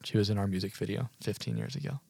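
A man's voice: lowish voice, fast, gravelly, no room sound. A man telling stories in a dry room. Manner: animated storyteller, acts out quoted voices. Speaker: podcast host, musician. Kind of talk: casual chat.

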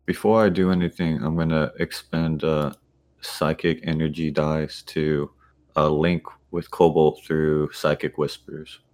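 A man's voice: rumbling low, level tone, measured pace, a little mellow. A man playing a tabletop game, speaking in a blunt, wry way. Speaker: player.

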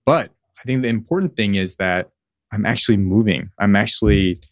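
A man's voice: fairly low pitch, normal speed, no echo, clean studio sound. A man talking as a guest in casual conversation, reflective and laughing now and then. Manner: reflective, laughs while he talks.

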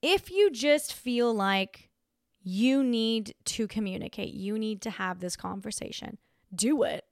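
A young woman with a fairly high voice hosts a casual advice podcast, talking in a blunt, sassy and playful way. The sound is dry and close, with no room around her. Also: a little slow, vocal fry, dry recording. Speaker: podcast host.

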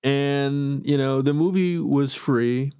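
A man's voice: mid-range voice, slow pace, warm tone, clean tone, no echo, muffled recording. A man hosting a podcast, giving a chatty, rambling film review and openly airing his opinions. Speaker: podcast host. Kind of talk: casual film review monologue.

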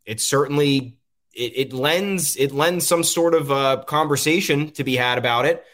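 A man's voice: a little high, moderate pace, fairly bright tone. A man hosting a casual sports talk show, rambling and frustrated, with frequent ums. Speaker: podcast host.

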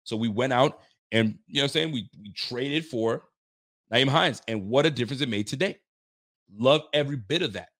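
A young man hosting a sports fan livestream, ranting with animated energy, swearing freely and repeating catchphrases. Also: medium pitch, fairly quick. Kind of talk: casual fired-up sports commentary.

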